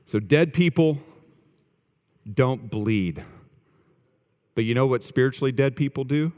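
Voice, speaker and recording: A man's voice: mid-range voice, unhurried, a little mellow, long reverb tail. A male pastor preaching a sermon earnestly, stressing points through repetition.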